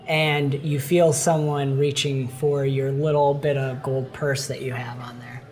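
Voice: medium pitch, little pitch movement, unhurried, a little mellow. A game master narrating a tabletop game in a casual, chatty way. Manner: casual, chatty, many fillers and restarts.

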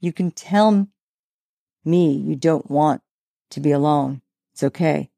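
A woman's voice: low voice, a little slow, creaky, mellow, dry recording, studio quality. A woman voicing a young man, the narrator's old friend, who talks bluntly and tensely in a read-aloud story.

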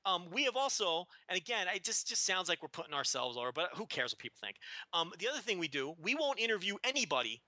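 A man's voice: sits high, big pitch swings, quick pace, bright, forceful tone, dry recording. A man co-hosting a podcast, ranting animatedly in casual chat with frequent swearing. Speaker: podcast co-host. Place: living in the American South.

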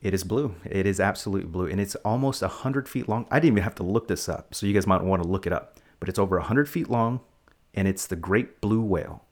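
Deep-voiced man rambling on a podcast. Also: fast. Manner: rambling, playful, explains facts to kids. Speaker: podcast host. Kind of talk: casual podcast chat.

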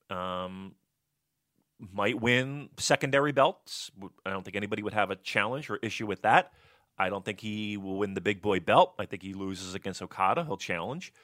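A man who works as a radio sports reporter, telling stories and giving opinions in a blunt, profane, animated way. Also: medium pitch, no echo, clean studio sound. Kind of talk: casual podcast storytelling and opinion.

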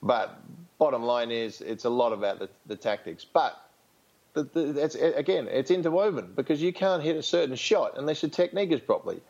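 A man's voice: mid-range voice, lively intonation, brisk, darkish tone, dull audio. An Australian man speaking as a tennis coach in an interview, frank and rambling, with many fillers and restarts. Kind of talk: casual interview storytelling.

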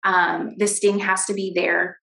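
A middle-aged woman giving a personal faith testimony as an interview guest, earnest and halting, often restarting her sentences. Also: lowish voice, level tone, creaky, bright, forceful tone, echoey room, low-quality recording.

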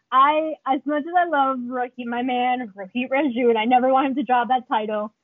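Excitable woman on a tinny line. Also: high-pitched, moderate pace, dry recording. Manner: excitable, laughs often, acts out quotes. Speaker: wrestler and podcast co-host. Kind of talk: casual chat. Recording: tinny phone-like sound.

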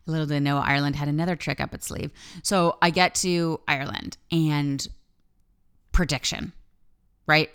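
A woman's voice: deep voice, steady tone, moderate pace, fairly bright tone, clean tone. A woman life coach talking in a candid podcast monologue, swearing freely and telling her story with strong emphasis.

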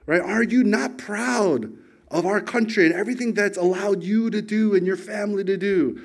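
A man's voice: high-pitched, moderate pace, creaky, voice pushed up. Man playing a furious older woman clerk who scolds in a raised voice and lectures a teen. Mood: indignant. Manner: yelling, scolding. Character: angry sixty-year-old woman school clerk.

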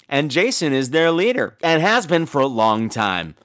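A man hosting a podcast, recapping a horror movie in a sarcastic, profane, animated storytelling way. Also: fairly high pitch, normal speed, hardly any pauses. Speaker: podcast host. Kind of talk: casual movie-recap chat.

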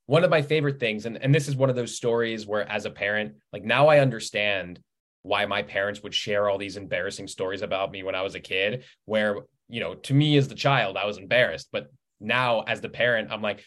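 A man in his thirties, a writer and podcast guest, chatting casually as a lively storyteller who laughs often and acts out quoted lines. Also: fairly low pitch, brisk. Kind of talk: casual interview chat.

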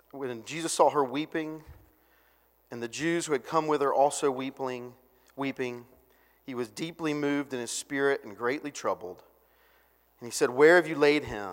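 A man preaching a sermon as a pastor, conversational and animated, acting out voices when he quotes people. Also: mid-range voice, long reverb tail.

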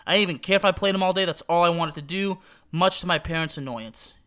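A man's voice: high-pitched, quick pace, a bit bright. A young man hosting a podcast, rambling casually through nostalgic memories with many restarts and fillers. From Texas. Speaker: podcast host.

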